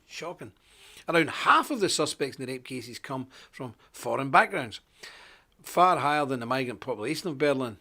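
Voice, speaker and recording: A middle-aged man hosting a live stream, chatting casually, greeting viewers by name and jumping up in pitch when he stresses a point. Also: sharp tone.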